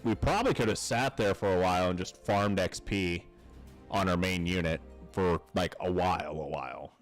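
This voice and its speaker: A game streamer chats casually through his playthrough, reacting with excitement and jokes. His voice sits on the low side. Faint game music runs in the background. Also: normal speed. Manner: excited, joking reactions to gameplay. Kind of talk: casual let's-play commentary.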